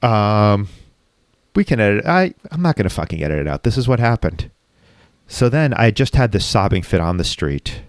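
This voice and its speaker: A man with a lowish voice tells a painful personal story in frank, unguarded conversation. He is reflective and swears freely. His voice sits close and dry on the mic, with no room sound. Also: big pitch swings, normal speed, no room sound. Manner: raw, reflective, frequently profane.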